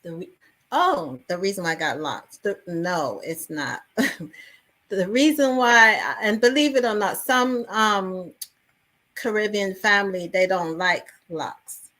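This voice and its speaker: A woman, originally from England, telling stories in a lively interview conversation. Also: mid-range voice, slow. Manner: animated storytelling with many fillers. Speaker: actress guest.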